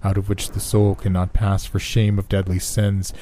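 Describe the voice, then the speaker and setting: A man narrating a horror story in a slow, measured way. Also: deep voice, completely flat delivery, warm tone, slight background noise.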